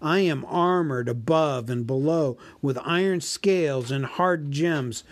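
A booming, gloating ancient dragon, put on by a man reading aloud. He lingers over each threat, slow and raised in pitch, proud of his own might. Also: close to an everyday voice. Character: huge boastful ancient male dragon, menacing.

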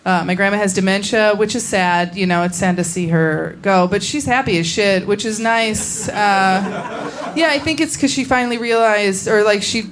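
A young woman from Indiana performing a live stand-up set, telling stories deadpan and acting out the people she quotes. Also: medium pitch, normal speed. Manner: deadpan storytelling, acts out quoted voices. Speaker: stand-up comedian. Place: comedy venue with a laughing audience. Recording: live show recording with clear audience noise.

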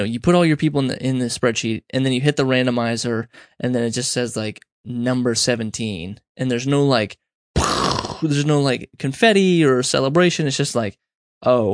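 A young man with a mid-range voice hosts a podcast of casual solo advice, rambling and correcting himself as he goes. He acts out little quoted exchanges, and the studio-quality sound has no echo.

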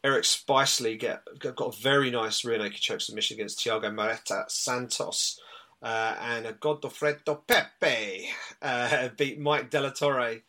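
A man's voice: mid-range voice, moderate pace, pushed and bright. A man with a British accent co-hosting a sports podcast, recapping fight results in a chatty, rambling way with many fillers. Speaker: podcast co-host. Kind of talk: casual chat, recapping results.

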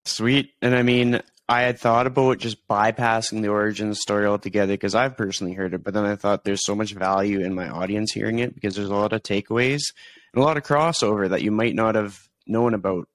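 A man's voice: lowish voice, fairly even intonation, a little fast, no room sound. A man hosting a podcast, reflecting casually on his guest's story and relating it to his own career. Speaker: podcast host.

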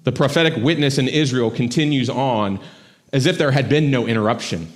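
A pastor delivers a church sermon in a conversational preaching style, often checking in with "right?". His medium-pitched voice moves a little fast, and he is in a church sanctuary.

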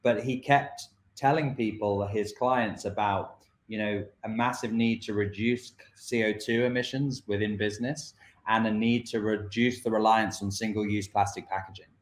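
A man's voice: lowish voice, steady tone, moderate pace, roomy sound. A man from London with a British accent, a company co-founder telling his story as an interview guest in a fluent, friendly way. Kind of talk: interview conversation.

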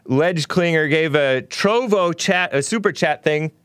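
A man's voice: a little high, a little slow, fairly bright tone, smooth, no echo, clean studio sound. A male talk show host delivering an opinionated monologue in a scornful, ranting way, with mocking laughs.

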